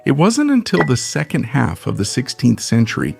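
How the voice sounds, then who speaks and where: Gravelly man narrating an explainer. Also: medium pitch, wildly swooping pitch, over music. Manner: measured, explanatory. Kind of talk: scripted educational narration.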